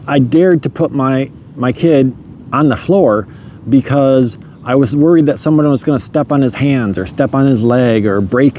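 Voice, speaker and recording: A man's voice: medium pitch, darkish tone, a little hiss or hum. A man telling a personal story in a loose, rambling way, often saying "you know" and chuckling.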